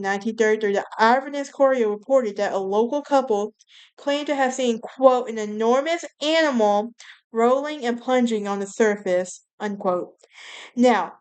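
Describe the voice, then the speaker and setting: A woman's voice: a little high, darkish tone, clear, resonant tone. A woman hosting a casual solo podcast, telling a story in a rambling way, often correcting herself and laughing at her own telling. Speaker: podcast host.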